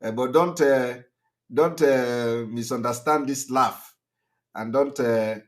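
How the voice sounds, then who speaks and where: A man's voice: medium pitch, takes it slowly. A man hosting a live call-in show, laughing often and talking with many fillers. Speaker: host.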